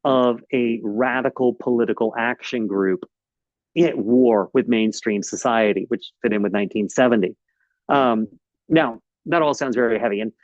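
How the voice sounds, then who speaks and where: A man giving a casual author talk, telling his story in a lively way with frequent ums and uhs. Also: mid-range voice, no room sound. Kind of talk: casual presentation. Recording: slightly dull, dry recording.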